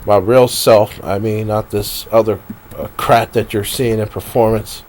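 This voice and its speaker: A man's voice: fairly low pitch, steady tone, a little slow, darkish tone. A man live streaming, rambling and venting in a profane, emotional rant.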